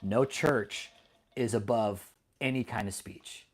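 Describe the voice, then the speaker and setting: A man's voice: lowish voice, takes it slowly, slightly rough. A middle-aged man from Texas, hosting an angry, profane commentary rant full of defiance and swearing. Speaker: host.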